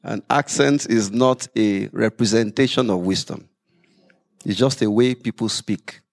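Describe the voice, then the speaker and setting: A man preaching a sermon as pastor, lively with humorous asides. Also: on the low side, a little slow, gravelly.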